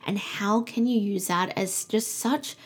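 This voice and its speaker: Breathy young woman hosting a spiritual podcast. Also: mid-range voice. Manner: soft, soothing, slows down for affirmations. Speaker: podcast host. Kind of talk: spiritual card-reading podcast talk.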